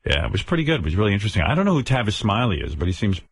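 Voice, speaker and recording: A man's voice: very animated, racing, gravelly, husky, dry recording. A man co-hosting a radio show, chatting in a dry, sarcastic way on a studio mic. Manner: dry, sarcastic, does shrill impressions. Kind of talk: casual radio talk, playing clips.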